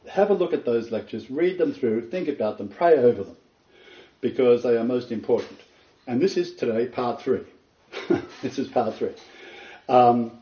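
An older male preacher gives an informal Bible lecture to a small group, his mellow voice earnest and emphatic, pitch leaping on stressed words amid rambling asides. The recording is roomy, echoey, distant, and dull lo-fi.

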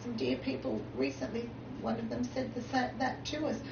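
A woman with a fairly high voice talks earnestly in a casual bible discussion. She sits away from the mic in a roomy space, and the dull lo-fi sound carries clear background noise. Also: fairly even intonation, normal speed, far from the mic.

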